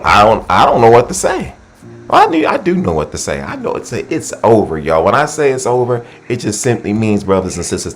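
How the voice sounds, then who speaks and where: A man hosting a Bible study call, preaching with excitement, exclaiming and repeating himself to his listeners. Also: lowish voice.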